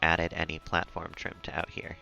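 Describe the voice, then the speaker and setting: Deep-voiced chatty man streaming a game. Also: completely flat delivery, normal speed, gravelly, sharp tone, dull audio, soft background music. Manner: rambling and chatty, laughs often at own jokes. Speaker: live streamer. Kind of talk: casual gameplay commentary.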